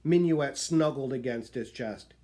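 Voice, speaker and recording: An unhurried man of medium pitch reads a children's picture book out loud, bringing it to life with expressive storytelling.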